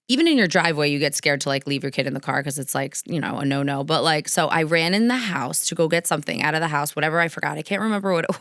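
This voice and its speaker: A woman's voice: clear, resonant tone, no echo, studio quality. Chatty young mother telling a story. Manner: animated, laughing often, pitch jumping high when excited. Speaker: podcast host. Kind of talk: casual storytelling monologue.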